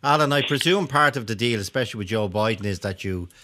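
A man's voice: fairly low pitch, expressive, fast, bright, forceful tone. A man with an Irish accent hosting a radio show, chatting casually in a teasing, playful way. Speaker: radio host.

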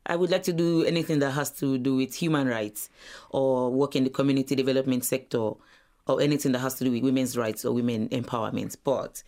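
Middle-aged woman from Nigeria, radio interview guest, animated and good-humoured. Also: extremely low pitch, quick pace. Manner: animated, laughs easily, acts out family voices.

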